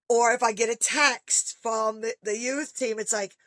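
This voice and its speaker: High-pitched woman, middle-aged, animated, casual chat, dry recording. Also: moderate pace, few pauses, no echo. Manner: animated storyteller, acts out quoted voices. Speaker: guest parent. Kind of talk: casual podcast conversation.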